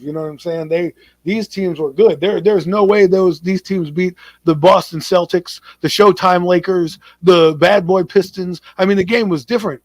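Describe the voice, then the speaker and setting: A man's voice: high voice, steady tone, normal speed, hardly any pauses, a little mellow, no room sound. A middle-aged man co-hosting a casual sports debate, talking emphatically and repeating his points like a lecture. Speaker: podcast co-host.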